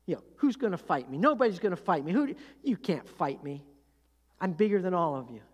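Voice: mid-range voice, sing-song, brisk, darkish tone. A preacher acting out a boastful giant warrior who taunts the people he faces. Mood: taunting.

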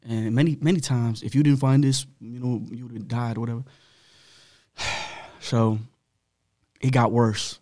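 Blunt guy telling his story on a podcast, lots of slang and cussing, mid-pitched voice, dry sound. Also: steady tone, a little slow, long pauses, dark tone, no room sound. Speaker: podcast guest. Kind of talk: candid personal storytelling.

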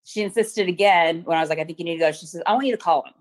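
A middle-aged woman with a fairly low voice gives courtroom testimony over a video call. She recounts what happened hesitantly, with frequent ums and pauses. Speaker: witness testifying at a protective order hearing. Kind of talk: courtroom testimony, retelling events.

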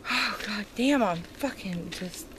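A woman's voice: medium pitch, lively intonation, slow pace, background noise. A woman vlogging at home and in her yard, tipsy and slightly slurred from wine, rambling and venting her frustration. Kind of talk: casual vlog monologue.

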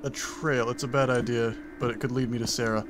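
A man's voice: medium pitch, fairly even intonation, brisk, background noise. A man doing horror game commentary, talking to himself with wry, joking asides. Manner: talks to himself, wry and jokey. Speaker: gaming channel host.

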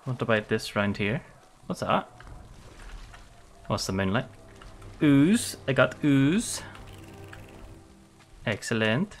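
A man's voice: medium pitch, very animated, slow, pauses often, faint music behind. A man streaming a survival game, reacting jumpily with exclamations and swearing while talking to his chat. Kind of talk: live game commentary.

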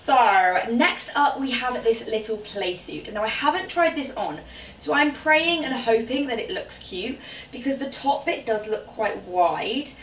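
A bubbly, chatty woman, her voice pitched a little high as she exclaims over clothes in a try-on haul. She sits back from the camera in a room at home, so she sounds roomy and a touch distant. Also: animated, a little slow, a little hiss or hum. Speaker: fashion vlogger.

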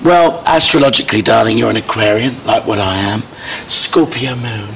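Hoarse, gushing male talk host. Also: fairly low pitch, animated, moderate pace, a bit bright, slight background noise. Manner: camp, gushing, calls guest darling. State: hoarse throat. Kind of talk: chatty celebrity interview.

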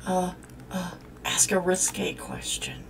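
Woman, game host; exclaims and scolds the characters, slow pace, huge pitch swings, slightly distant mic. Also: huge pitch swings, vocal fry, music in the background. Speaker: gaming channel host. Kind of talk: let's-play game commentary.

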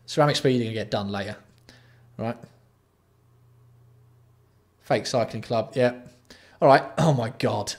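A man's voice: mid-range voice, normal speed, pauses often. A young man hosting a livestream, reading product copy aloud and mocking it with sweary, exasperated commentary. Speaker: livestream host.

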